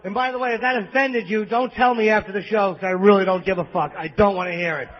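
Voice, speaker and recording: A man's voice: high-pitched, fairly even intonation, fast, slight background noise. A man with a New York accent doing a crude, self-deprecating stand-up set at a live club, on a muffled bootleg recording. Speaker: stand-up comedian. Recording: muffled bootleg audience tape.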